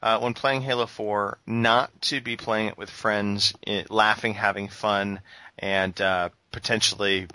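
Low, sharp-toned male podcast host, rambling, filler-heavy, dry mic. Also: flat delivery, a little slow, dry recording. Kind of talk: casual podcast chat.

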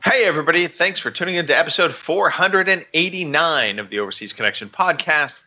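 A man's voice: a little high, lively intonation, fast, pushed and bright, highs cut off, soft background music. A man hosting a casual gaming podcast, joking and rambling with many fillers. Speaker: podcast host. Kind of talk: casual chat.

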